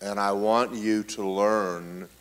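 A man's voice: fairly low pitch, steady tone, slow, a bit bright. A male pastor adding his own story to the congregation in a plain, matter-of-fact way. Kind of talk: sermon.

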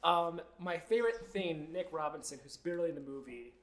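A woman's voice: low voice, animated, fairly quick, echoey room. A woman co-hosting a casual movie chat, rambling with lots of fillers and giggling. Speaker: podcast co-host.

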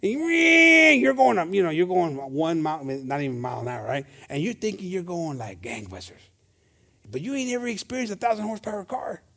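High-voiced animated bilingual preacher man. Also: brisk, gravelly. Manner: switches between English and Spanish, calls out amen and hermanos; animated, swings from loud to soft. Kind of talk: bilingual sermon.

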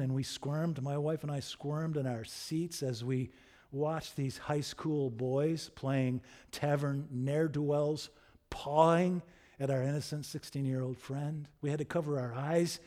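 A man preaching a sermon, telling a story in an expressive, animated way. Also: a little high.

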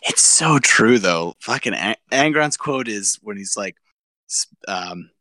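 A man's voice: on the low side, measured pace, no echo, studio quality. A man co-hosting a casual podcast chat, ranting with lots of swearing. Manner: profane, animated ranting. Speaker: podcast co-host.

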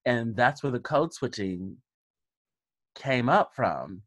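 A man with a light Southern twang from Alabama speaks in a mid-range voice. He talks casually and reflectively, pausing and restarting as he thinks. The recording is dry and close. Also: medium pitch, expressive, no room sound. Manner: reflective, with frequent restarts and fillers. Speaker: podcast guest. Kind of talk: casual conversation.

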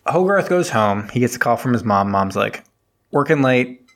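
A man's voice: mid-range voice, lively intonation, normal speed, a bit bright. A man on a podcast retelling a film's plot in casual chat, rambling along with plenty of fillers and asides.

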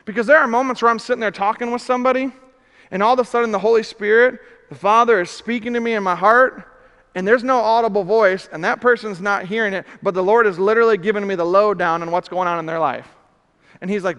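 A male pastor preaching a sermon, animated, swinging from loud emphasis to hushed questions. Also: high voice, fast talker, clean tone. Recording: reverberant hall.

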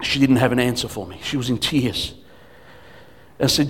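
A man's voice: mid-range voice, moderate pace, fairly bright tone, husky. A man preaching as a guest pastor, telling stories with humor and acting out what people said. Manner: storytelling with humor and acted quotes. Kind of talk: sermon.

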